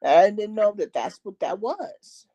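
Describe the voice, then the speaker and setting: A woman's voice: medium pitch, lively intonation, a little slow, mellow, muffled recording. A woman guest who hosts her own podcast, talking candidly and heartfelt about her own experience, with frequent ums. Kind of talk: candid personal conversation.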